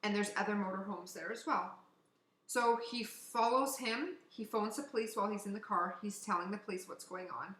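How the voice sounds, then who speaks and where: A woman co-hosting a casual podcast from Canada, telling a story in an animated way, swearing and acting out what people said. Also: mid-range voice, moderate pace. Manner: animated, swearing, acts out quotes. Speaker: podcast co-host. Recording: echoey room.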